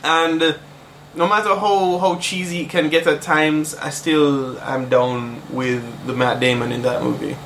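A man's voice: fairly high pitch, flat delivery, a little slow, fairly bright tone, slight background noise. Rambling man in podcast chat. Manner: rambling, self-interrupting, with fillers. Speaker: podcast co-host. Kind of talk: casual chat.

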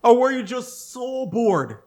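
A man's voice: very high voice, very animated, slow, a little mellow. A man co-hosting a casual chat, ranting with exasperation about a movie, swearing and acting out his own reactions. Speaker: podcast co-host.

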